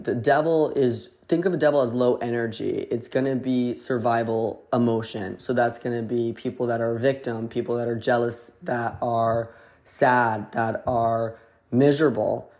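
A man of ordinary pitch hosts a podcast of motivational spiritual talk. He speaks casually, repeating his phrases and checking in with the listener as he goes. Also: darkish tone. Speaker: podcast host.

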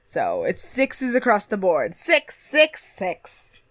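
A woman's voice: medium pitch, wildly swooping pitch, slow pace. A woman co-hosting a casual podcast, chatty and swearing freely as she recaps a TV show. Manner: chatty, swears, laughs, acts out quotes. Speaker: podcast co-host.

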